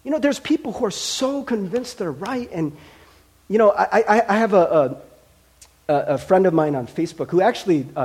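Animated, high-voiced male pastor preaching. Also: husky. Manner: conversational, animated, laughs often, many fillers. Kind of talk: sermon.

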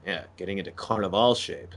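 A man's voice: deep voice, expressive, a little fast, fairly bright tone. A man co-hosting a podcast in casual chat, making wry, self-deprecating jokes. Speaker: podcast co-host.

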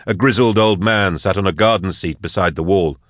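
A man narrating an audiobook in a measured, steady storytelling manner. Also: sits low, no echo, clean studio sound.

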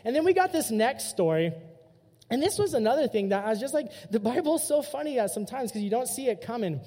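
A young man giving a youth sermon, telling stories in a casual, animated way. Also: very high voice, fast. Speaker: youth pastor. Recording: long hall reverb.

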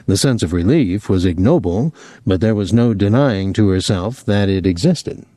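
A male audiobook narrator telling the story in an even, measured way. His pitch moves in a lively way and his tone is dark and mellow. The recording is dry and close. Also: dry recording.

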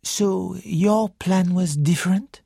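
Poirot, a quiet gentle detective, read aloud. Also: medium pitch, vocal fry, breathy edge, no echo, studio quality, exaggerated voice. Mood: quiet, probing. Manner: quiet, measured. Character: calm, gentle older male detective. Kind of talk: audiobook character reading.

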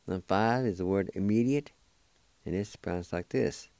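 A man hosting a radio language lesson, spelling words letter by letter and pronouncing them slowly and deliberately. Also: on the low side, mellow, no room sound. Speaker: radio host teaching language.

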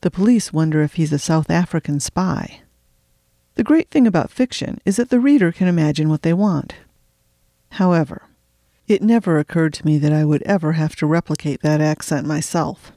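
A woman hosts a fiction podcast from her attic, introducing her own mystery with a wry, self-deprecating chat before settling into the reading. Her voice is mellow and warm. The sound is dry and close, with no room echo. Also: deep voice, moderate pace. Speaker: podcast host and fiction reader. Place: home attic.

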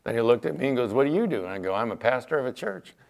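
A man's voice: mid-range voice, sing-song, rapid-fire, gravelly, a little mellow. A middle-aged man preaching as a pastor, telling everyday stories in a chatty way and acting out the back-and-forth of conversations. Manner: chatty storyteller, acts out quoted exchanges, fillers like "you know". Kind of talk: conversational sermon with anecdotes.

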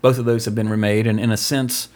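A man's voice: fairly low pitch, flat delivery, fast talker. A man hosting a podcast in casual chat, rambling and joking offhand about films. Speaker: podcast host.

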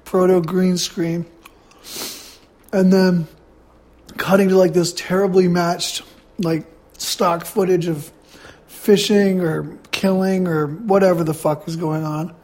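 Slow-talking, profane podcast host. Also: medium pitch, level tone, darkish tone. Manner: profane, rambling, blunt; talks while eating. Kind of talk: casual solo movie-review podcast.

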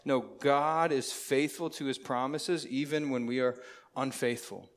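A man's voice: mid-range voice, fairly even intonation, unhurried. A man preaching a sermon in a conversational way, often asking the congregation questions. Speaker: pastor.

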